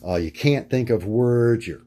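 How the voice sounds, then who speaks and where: A man's voice: medium pitch, dark tone. Rambling man talking through notes. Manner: halting, many fillers and restarts; repetitive, searching for words. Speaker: vlogger.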